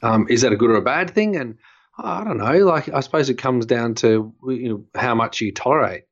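A man's voice: medium pitch, animated, brisk. A man co-hosting a podcast, musing thoughtfully in a casual chat. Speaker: podcast co-host. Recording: dull lo-fi sound.

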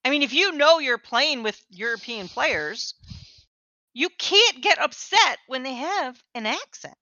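Woman gm on a podcast, frank and opinionated, bouncy voice, pitched kinda high. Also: animated, measured pace, pushed and bright, dull audio. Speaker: podcast co-host and game master. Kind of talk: casual chat.

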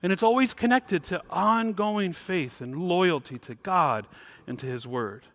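Male pastor preaching: slightly high voice, emphatic punches, then soft low asides. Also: measured pace, creaky. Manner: emphatic, swings between loud stresses and quiet low asides. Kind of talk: sermon.

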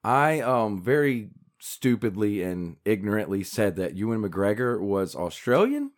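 A man's voice: lowish voice, very animated, a little slow. A man from the States, co-hosting a podcast in rambling, self-deprecating casual chat. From Southern United States. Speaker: podcast co-host.

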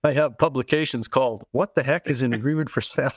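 A man in an interview walks through a real estate scenario at a mid pitch, repeating his key points. The sound is dry and close. He acts out the voices of the people in his examples. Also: fast, dry recording. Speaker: real estate investing guest expert. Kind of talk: interview, explaining with worked examples.

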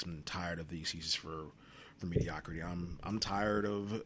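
A man's voice: deep voice, steady tone, moderate pace, fairly bright tone, slightly rough. A worn-out young man hosting a solo podcast, rambling wearily and swearing freely, sometimes dropping to a whisper. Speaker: podcast host. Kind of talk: solo reflective monologue.

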